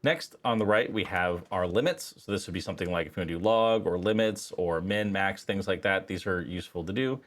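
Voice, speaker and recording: A man's voice: sits low, brisk, few pauses. A man teaching statistics, casually walking through an equation editor step by step, with frequent fillers. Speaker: statistics instructor. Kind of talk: screen-recorded software tutorial.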